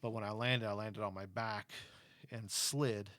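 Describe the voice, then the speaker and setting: A middle-aged man chatting casually with his kid, telling stories in an animated way and turning earnest and cautionary on safety. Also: fairly low pitch, a little slow, no echo. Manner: animated storyteller who acts out quotes; earnest and cautionary when talking about safety. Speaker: parent talking with his kid. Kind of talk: casual chat.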